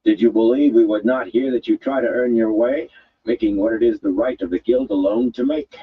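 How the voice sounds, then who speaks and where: A man's voice: medium pitch, animated, fairly quick, breathy edge, phone-quality sound, pitched above the performer's own voice. A man voicing a big, mocking guild enforcer who threatens in a strange formal way. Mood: menacing.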